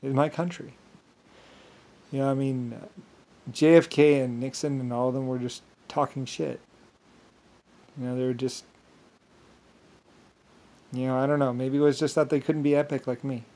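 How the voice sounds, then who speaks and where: A man telling a rambling, boastful story, halting often with fillers and restarts. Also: medium pitch, steady tone, darkish tone. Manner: boastful, grandiose. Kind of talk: rambling monologue.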